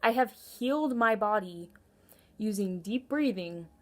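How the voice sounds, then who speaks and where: A woman's voice: medium pitch, animated, unhurried, fairly bright tone. Earnest woman with a pinched, brassy tone. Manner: earnest, encouraging, rambling with many asides. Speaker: tarot reader. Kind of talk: casual spoken tarot reading.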